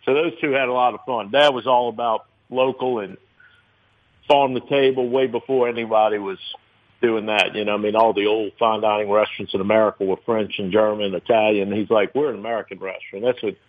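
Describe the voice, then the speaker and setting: A man's voice: lowish voice, steady tone, brisk. A man in his fifties from New Orleans, a restaurateur telling rambling stories in a casual interview, with many fillers. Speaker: restaurateur guest. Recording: tinny phone line.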